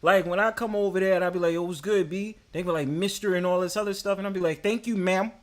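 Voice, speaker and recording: High-voiced New York man, boastful. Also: fast. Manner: boastful, playful, teasing. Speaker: host. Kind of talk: casual panel chat.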